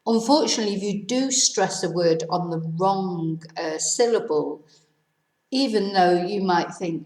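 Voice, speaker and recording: A woman's voice: fairly low pitch, unhurried, darkish tone. A middle-aged woman teaching in a casual, chatty way, explaining step by step with a self-deprecating aside now and then. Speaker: Spanish teacher. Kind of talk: casual spoken lesson. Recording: echoey room.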